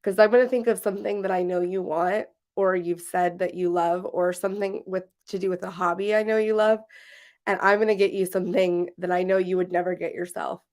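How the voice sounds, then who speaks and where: A woman's voice: on the low side, steady tone, fairly quick, darkish tone. Woman, podcast co-host, casual livestream chat, laughs easily, rambles. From Washington State. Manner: chatty, laughs often, rambling restarts.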